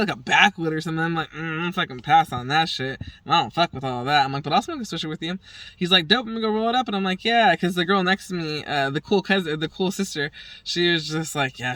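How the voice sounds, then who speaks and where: A woman's voice: low voice, a bit bright, no room sound, distant mic. A woman hosting her own show, telling a rambling story in casual chat, swearing freely and acting out what everyone said. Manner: profane, acts out quoted dialogue, rambling. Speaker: podcast host.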